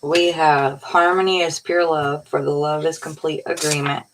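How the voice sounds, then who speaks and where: A woman's voice: low-pitched, level tone, normal speed, background noise. A woman tarot reader giving a casual, rambling spiritual pep talk in a colloquial way, sounding tired. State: tired, yawning.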